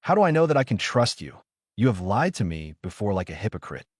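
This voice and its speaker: A man's voice: lowish voice, a little fast, no room sound, studio quality. A man doing a stern old leader. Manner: stern, deadpan. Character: stern old male village leader, grave and weary.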